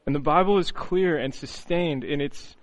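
A man preaching an earnest, reflective sermon, often pausing on "you know" and restarting phrases. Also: fairly high pitch, poor audio.

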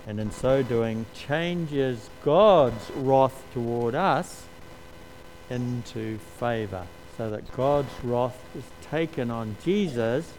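A man preaching at an unhurried, deliberate pace and a mid-range pitch. He leans hard on key words and lets others drop away quietly, with faint vehicle noise behind him. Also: low-quality recording. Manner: slow, emphatic, rises to stress key words. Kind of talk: sermon.

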